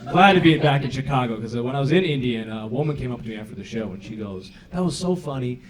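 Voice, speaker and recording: A man in his thirties performing a stand-up set on a comedy club stage, with an animated, self-deprecating, punchy delivery into a handheld mic. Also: mid-range voice, fast talker. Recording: live club recording with crowd laughter. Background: audience laughter.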